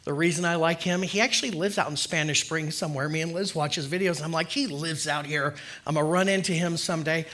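A man's voice: a little high, fast, fairly bright tone. A man giving a casual, conversational sermon in church, friendly and loose with filler words. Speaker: lay preacher.

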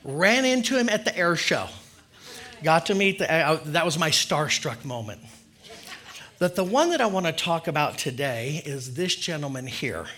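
A man's voice: a little high, sing-song, normal speed, bright, forceful tone. A man giving a casual, conversational sermon in church, friendly and loose with filler words. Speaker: lay preacher.

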